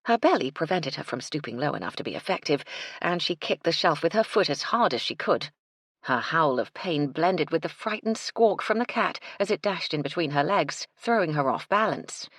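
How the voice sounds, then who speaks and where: A woman narrating an audiobook in a measured, expressive reading on a close mic. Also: deep voice, dry recording. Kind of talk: scripted narration.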